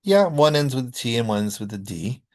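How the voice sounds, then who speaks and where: A man from North America explaining sound rules in a recorded linguistics lecture, often pausing on ums and uhs. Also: medium pitch, big pitch swings, a little mellow.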